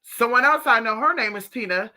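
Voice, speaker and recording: A spiritual teacher chatting casually with viewers on a live stream. They tell animated, profane stories and mock people with voiced impressions. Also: mid-range voice, a little fast.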